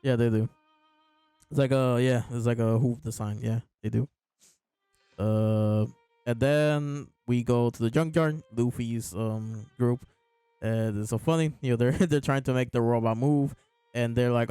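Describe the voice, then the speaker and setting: Laughing frequently and clearly amused, this man hosts a podcast reviewing manga in a casual chat. His warm, clean voice is medium-pitched and steady at a normal speed, recorded dry with soft background music.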